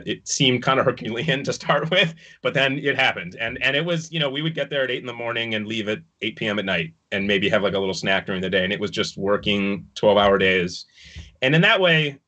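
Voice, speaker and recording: A man's voice: fairly low pitch, sharp tone. A man casually recounting his work on a dance production, rambling with fillers and restarts, on a video call. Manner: rambling, with many fillers and restarts, chuckling at times. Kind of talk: casual recounting in an online panel discussion.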